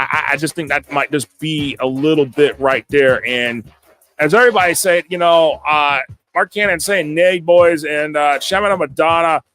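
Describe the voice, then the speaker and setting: An excitable male host of a live sports talk stream, with a slightly higher voice for a man. He stammers and repeats words, laughs often and chats back to his viewers.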